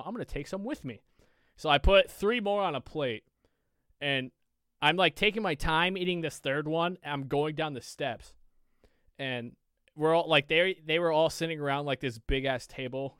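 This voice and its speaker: A podcast co-host telling a casual story, rambling with lots of fillers and swearing freely. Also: male voice, mid-range voice, fairly bright tone, clean tone, no echo, clean studio sound.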